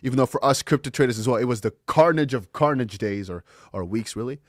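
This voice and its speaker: A man hosting a crypto news show, talking through market charts in a loose, animated way with rhetorical questions. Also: mid-range voice, fast talker, no echo, clean studio sound. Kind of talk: casual market commentary.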